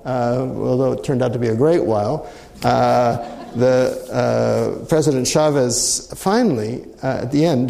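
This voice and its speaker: Gravelly-voiced man telling a story. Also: mid-range voice, mellow. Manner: reflective, anecdotal, frequent restarts. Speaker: mediator. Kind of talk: storytelling talk. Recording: roomy echo.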